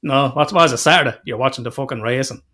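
An Irish man hosting a relaxed, laughing chat. He tells stories, drops swear words freely and slips into voices for the people he quotes. His delivery stays loose and chatty. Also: medium pitch, fast. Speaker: podcast host. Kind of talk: casual chat.

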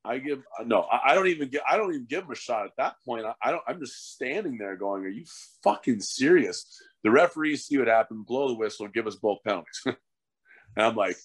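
A man's voice: mid-range voice, fast talker, slightly rough, no room sound. A middle-aged man, a former hockey fighter turned coach, telling stories in a casual, profane podcast chat. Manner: profane, animated storyteller.

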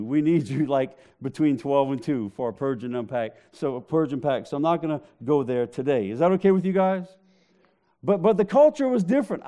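A man's voice: on the high side, dark tone. A man preaching a sermon, joking with the congregation in a conversational way. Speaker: pastor.

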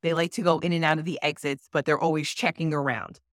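Low-voiced woman telling a spooky story. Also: fast talker, no room sound, studio quality. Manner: animated, swearing storyteller. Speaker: podcast co-host. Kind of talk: casual chat.

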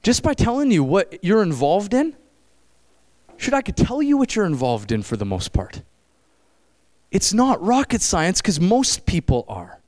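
A middle-aged man preaching at a camp meeting, animated, shifting between loud exclamations and low, intense stretches. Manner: acts out quoted voices. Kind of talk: sermon.

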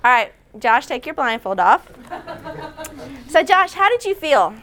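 Higher-voiced woman leading a workshop. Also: big pitch swings, fairly bright tone. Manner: chatty, directs volunteers, quick asides. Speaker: workshop speaker. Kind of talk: interactive workshop session. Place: indoor room.

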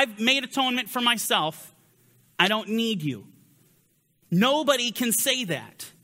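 A male Bible teacher with a high, bright, forceful voice. He reads scripture slowly and deliberately, then pushes his points hard, his pitch swinging up and down for emphasis. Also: big-room sound. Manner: rises and falls sharply for emphasis. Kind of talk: sermon-style Bible study.

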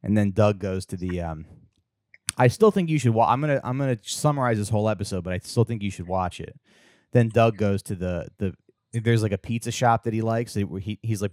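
A man's voice: on the low side, brisk, darkish tone, dry recording, clean studio sound. A man co-hosting a podcast, telling a story in a rambling way with lots of fillers and restarts. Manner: acts out character lines in raised voices. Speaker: podcast co-host. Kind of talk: casual chat.

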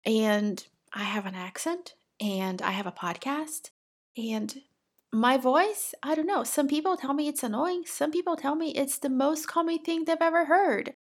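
A woman's voice: high voice, measured pace. A middle-aged woman from Brazil with a Brazilian accent, hosting her podcast in a direct, encouraging way. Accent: Brazilian Portuguese. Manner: direct, encouraging, talks straight to the listener. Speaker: podcast host. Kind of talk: casual solo podcast talk.

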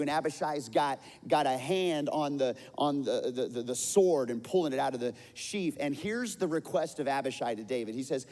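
A man preaching a sermon, telling a story with lively delivery and loudly acting out the quoted lines. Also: medium pitch, normal speed, hardly any pauses, long reverb tail. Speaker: pastor.

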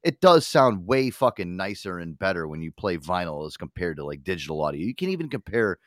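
Foul-mouthed and animated, this thirty-something male podcast host spins stories in easygoing chat. He sits low in pitch and speaks fairly quickly, recorded at studio quality without room sound.

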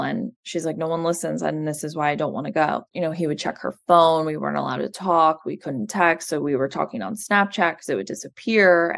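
A woman from New Jersey, a guest in an interview, giving an earnest, steady personal account with a lot of "you know" and "like". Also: low voice, creaky, no room sound, studio quality. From New Jersey, USA. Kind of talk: candid personal account in conversation.

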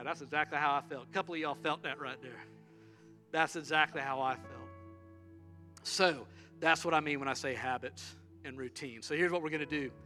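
A middle-aged man preaches with a high, very bright and forceful voice. He tells stories with humor and acts out the quotes, and soft music plays behind him. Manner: animated, humorous storytelling with acted-out quotes. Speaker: pastor. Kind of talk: sermon.

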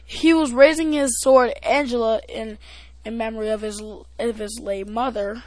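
A woman hosting a podcast, recapping wrestling in a casual, rambling way with many halting restarts. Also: a little high, steady tone, darkish tone, dry recording. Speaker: podcast host.

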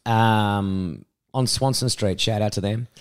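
An Australian man co-hosting a casual podcast chat, telling rambling stories full of swearing and acted-out quotes, his voice a bit rough. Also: on the low side, slow pace. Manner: rambling storyteller, swears often, acts out quotes. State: voice rough from vomiting. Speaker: podcast co-host.

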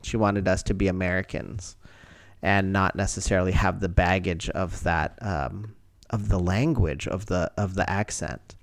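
A man talking calmly in a casual conversation about family. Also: deep voice, normal speed, no room sound, studio quality.

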